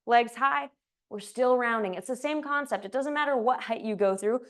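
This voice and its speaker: A slightly high-pitched woman leads a flowing yoga class, calling each pose in time with the breath. She is a little out of breath as she moves and drops in casual, joking asides between her cues. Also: normal speed. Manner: breath-paced cues, chatty asides with light laughs. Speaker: yoga instructor. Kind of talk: cueing a live yoga class.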